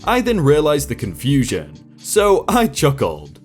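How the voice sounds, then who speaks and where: A man narrating a reddit story as a storytime channel host, in a lively, wry manner. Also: a little high, unhurried, few pauses, slightly rough, soft background music.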